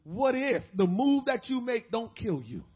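A man with a very high, husky voice preaches a sermon. He slips from low, joking asides into shouted, rising peaks. The recording is dull and muffled. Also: big pitch swings, measured pace. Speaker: pastor.

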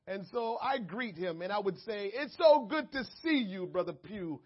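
A man with a strikingly high, husky voice preaches a sermon. He tells a story calmly, then climbs into loud, fervent preaching. The audio is dull and lo-fi. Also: normal speed. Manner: builds from calm storytelling to shouted preaching. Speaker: pastor.

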